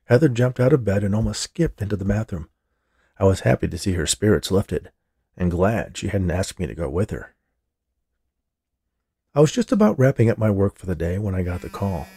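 A man narrating a first-person story in a dry, deadpan way, with a husky, gravelly voice. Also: low-pitched, brisk, no echo.

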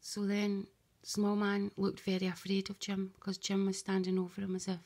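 Woman muttering a long rambling story to herself, gravelly, half whispering, answering her own questions. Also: mid-range voice, completely flat delivery, normal speed. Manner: hushed, often drops to a whisper; meandering and confiding, voices both sides of an imagined dialogue. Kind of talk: rambling spoken monologue to camera.

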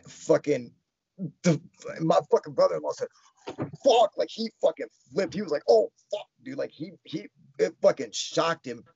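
Young man guest, gravelly and husky, excitable storyteller, cursing freely, dull lo-fi sound. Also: on the high side, dry recording. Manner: excited, swears a lot, heavy filler "like". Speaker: interview guest. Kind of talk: casual storytelling.

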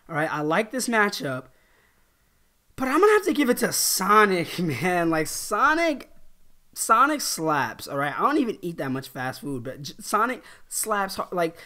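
A man's voice: high-pitched, sharp tone. A man from New York talking casually in a vlog, offhand and loose, tacking "all right?" onto his points. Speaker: YouTuber.

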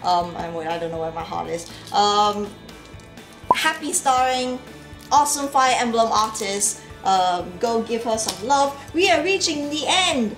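A woman's voice: fairly high pitch, measured pace. A young woman vlogger gushing and rambling about her art haul, full of fillers and restarts. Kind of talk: casual chat. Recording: echoey room with faint music.

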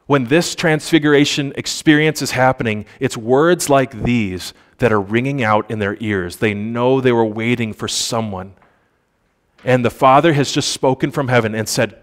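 Brief: a male pastor giving a chatty church sermon, mid-pitched voice, reads scripture slowly. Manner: conversational, asks the congregation for responses; reads scripture aloud with slow emphasis.

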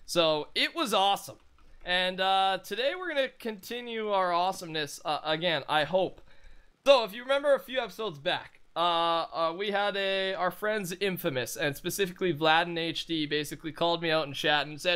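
A young man talks through a gameplay session in an excitable, rambling, jokey way. His voice sits high and sounds bright and edgy. Every word comes through smooth and clean. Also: a little fast. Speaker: gaming channel host. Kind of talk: casual gameplay commentary.

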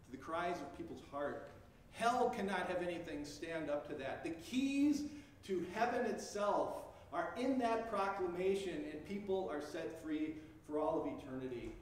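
High-voiced man preaching in an echoey church. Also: distant mic. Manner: vivid second-person storytelling, conversational. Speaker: pastor. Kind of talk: sermon. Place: church sanctuary. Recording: echoey church heard from afar, faint noise.

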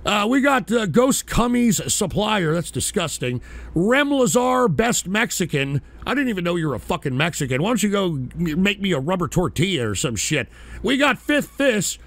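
Brash, high-voiced male radio host. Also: big pitch swings, moderate pace, vocal fry, a bit bright. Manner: brash, rambling, mock-indignant. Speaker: host of a call-in radio show. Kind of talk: casual profane radio banter reading out chat names.

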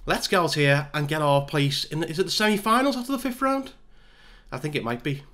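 A man's voice: on the high side, lively intonation, fairly quick, sharp tone. A man giving casual, self-mocking play-by-play commentary over a football management game. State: out of breath. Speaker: gaming YouTuber.

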